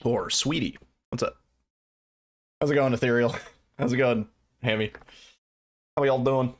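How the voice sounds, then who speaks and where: A man, streaming from his desk at home and chatting with his viewers in a relaxed way. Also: mid-range voice, unhurried. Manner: laid-back, chuckling, greets chat by name. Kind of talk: casual livestream chat with viewers.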